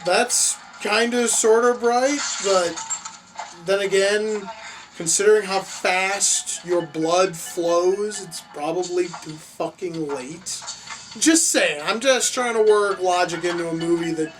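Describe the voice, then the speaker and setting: Excitable, foul-mouthed movie reaction host, recorded at a distance. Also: mid-range voice, slow pace. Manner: excitable, profane, openly gleeful at gore. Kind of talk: casual movie reaction commentary. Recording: distant mic with faint music behind.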